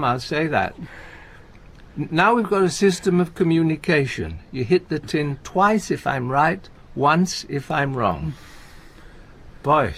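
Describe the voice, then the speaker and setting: An actor playing a gentle, anxious older comedian in a radio play, talking in halting, stammering restarts. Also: male voice, on the high side, exaggerated voice. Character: aging male comedian, gentle, anxious, talkative. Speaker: visiting friend and comedy partner.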